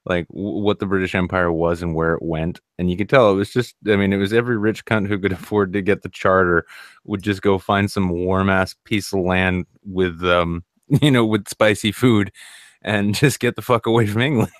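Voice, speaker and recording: A man's voice: low voice, fairly even intonation, moderate pace, no echo, clean studio sound. An American man in casual live-stream chat, joking crudely and swearing freely. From United States.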